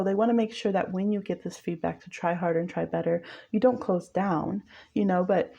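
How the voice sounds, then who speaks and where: A woman giving a casual spoken tarot reading, chatty and quick, who laughs often. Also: mid-range voice, creaky, mellow. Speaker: tarot reader.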